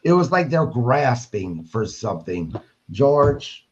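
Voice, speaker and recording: A man's voice: medium pitch, sing-song, takes it slowly, dull audio. A man hosting a podcast, recapping wrestling in blunt, casual talk and swearing freely. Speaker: podcast host.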